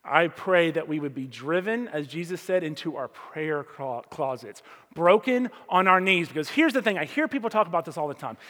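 A male pastor preaching a sermon in a relaxed, conversational way, with sudden loud stresses and hushed asides. His voice sits a little high for a man. It rings with long reverb, as if in a large church sanctuary. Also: normal speed. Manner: conversational preaching, swings between loud emphasis and quiet asides.

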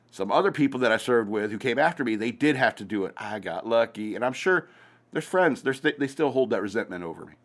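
Man, podcast host, casual rambling chat, profane, chuckling, mid-pitched voice. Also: expressive, fairly quick, a bit bright. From Virginia. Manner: loose, profane storytelling with chuckles.

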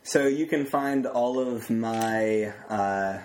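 A man co-hosting a podcast, speaking in a relaxed, unhurried way. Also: medium pitch. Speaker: podcast co-host. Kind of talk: casual podcast chat.

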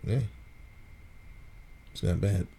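A man's voice: slow pace, warm tone, a little hiss or hum. A man co-hosting a podcast, chatting loosely and joking with plenty of swearing. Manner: loose, profane, joking banter. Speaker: podcast co-host. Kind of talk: casual chat.

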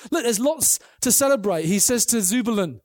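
High-voiced preacher, earnest. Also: male voice, normal speed, no room sound, studio quality. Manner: earnest, animated storytelling with acted quotes. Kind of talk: sermon.

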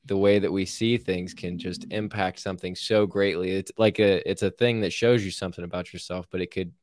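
A man's voice: low voice, fairly even intonation, fairly quick, a little mellow, slight background noise. A man co-hosting a podcast, chatting casually, laughing easily and often asking "you know what I mean?". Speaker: podcast co-host. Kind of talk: casual conversation.

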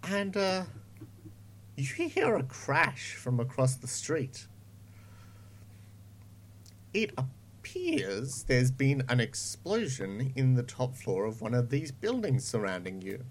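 A man's voice: mid-range voice, big pitch swings, slow, pauses often. A man running a tabletop game as game master, narrating in an easygoing way and thinking aloud.

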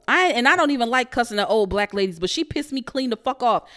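A young woman hosting her own show, ranting in a heated, profane, emphatic way that turns quiet and somber at times. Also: fairly high pitch, animated, quick pace, few pauses. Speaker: podcast host. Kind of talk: profane solo rant.

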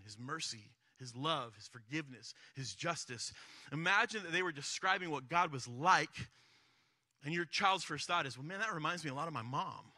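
A man's voice: fairly high pitch, sharp tone, no echo. A man preaching a sermon in a candid, conversational, self-deprecating way. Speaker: pastor.

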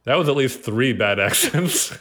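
A man's voice: mid-range voice, animated, a little slow, fairly bright tone. A man co-hosting a podcast in casual chat, dry and hedging, often restarting his sentences. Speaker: podcast co-host.

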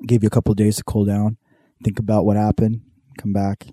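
A man's voice: on the low side, monotone, brisk, mellow, no room sound. A man in his thirties chatting casually, telling profane, laid-back stories full of quoted voices. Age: 30s. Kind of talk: casual chat.

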